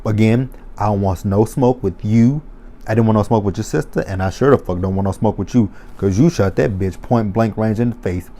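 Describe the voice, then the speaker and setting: A young man with a fairly low, mellow voice runs through a TV episode in a loose, profane vlog recap. He swears constantly and keeps breaking into his own reactions, voicing what he thought as he watched. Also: moderate pace. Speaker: TV recap vlogger.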